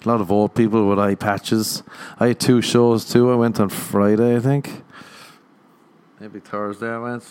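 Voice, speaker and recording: Young male comic host, lowish voice, loose rambling self-deprecating delivery with bursts of laughter. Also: little pitch movement, measured pace, a little mellow, clean tone. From Ireland. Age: young adult. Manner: rambling, self-mocking, laughs at own stories. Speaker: comedian podcast host. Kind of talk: casual comedic monologue.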